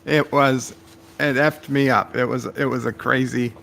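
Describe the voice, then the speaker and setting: A man's voice: medium pitch, steady tone, a little slow, gravelly, a bit bright. A man streaming, casually retelling a dream in a rambling, swearing way and acting out his own lines.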